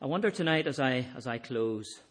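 A man preaching an evangelistic sermon, earnest, swelling to emphatic peaks and then dropping to soft, quiet appeals, closing in prayer. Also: medium pitch, animated, fairly quick.

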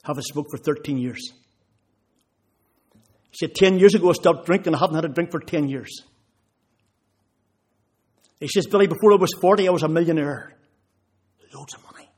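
A man's voice: a little high, normal speed, pauses often, darkish tone, breathy edge. A man giving a sermon testimony, retelling conversations with rising intensity. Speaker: preacher.

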